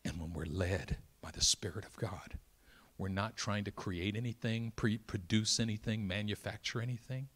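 Dramatic preacher man, whisper to shout. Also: fairly even intonation, moderate pace. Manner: dramatic swings from whispers to loud, high-pitched storytelling. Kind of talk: sermon.

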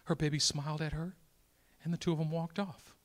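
A man preaching a sermon, telling a story with dramatic swings from soft whispers to loud, high-pitched outbursts. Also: little pitch movement, brisk.

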